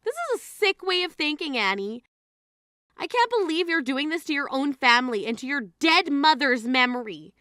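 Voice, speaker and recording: A woman's voice: high voice, big pitch swings, normal speed, sharp tone, no room sound, studio quality, full character voice. A woman playing a scolding grieving sister. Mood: outraged. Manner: scolding, exasperated. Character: grieving adult sister, stern and indignant. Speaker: voice actor in a text-message drama. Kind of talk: dramatized text-message reading.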